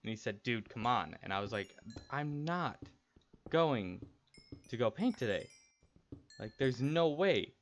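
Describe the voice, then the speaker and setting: Over dull, lo-fi stream audio with a little background noise, a young gamer tells a personal story in a loose, candid ramble full of restarts. He speaks at medium pitch, very animated yet unhurried, leaving long pauses.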